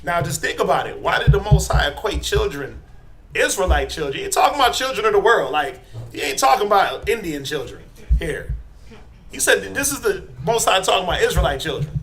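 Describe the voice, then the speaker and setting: Man teaching a Bible class, higher voice, quizzes the room, emphatic, says "right?" a lot, faint noise behind. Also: very animated, fairly quick. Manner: asks the class questions, tags lines with "right?"; emphatic, builds to forceful punches.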